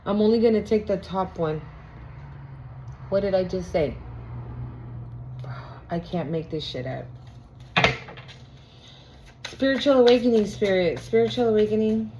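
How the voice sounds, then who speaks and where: Woman tarot reader, casual, profane, blunt, mid-pitched, lo-fi sound. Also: lively intonation, measured pace, pauses often, mellow, a little hiss or hum. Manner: blunt, slangy, profane, laughs often. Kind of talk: casual tarot reading vlog. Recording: lo-fi recording.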